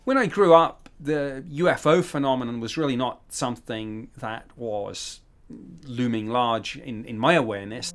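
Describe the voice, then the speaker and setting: A man's voice: mid-range voice, moderate pace. A man speaks in a composed, articulate way about his past government work. His voice sits in a middle range, with faint music underneath. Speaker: former defence official interviewee. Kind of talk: interview talk.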